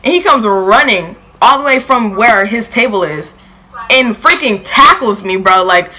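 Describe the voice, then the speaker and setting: A young woman telling a storytime vlog in a lively, filler-heavy way, acting out quotes, with features. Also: on the high side, unhurried, low-quality recording. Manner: animated, filler-heavy retelling with acted quotes. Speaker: vlogger.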